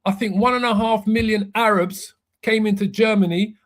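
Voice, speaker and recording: A man with a slightly higher voice teaches from scripture as a bishop. He laughs at himself and trips over pronunciations as he goes. The delivery is loose and unscripted. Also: fairly even intonation, moderate pace, fairly bright tone. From United Kingdom. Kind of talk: Bible teaching.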